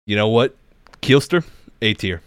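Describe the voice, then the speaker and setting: A low-pitched man hosts a podcast and runs a tier list with theatrical flair. He delivers his picks like grand proclamations, in a dry, close-miked sound. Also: animated, unhurried, a bit bright, no echo. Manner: theatrical, mock-grand announcements. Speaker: podcast host.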